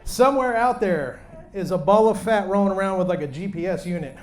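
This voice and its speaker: A man in his late thirties doing a loud, brash, crude stand-up set on a comedy club stage, talking into a handheld mic. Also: sits high, brisk, a faint crowd. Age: late 30s.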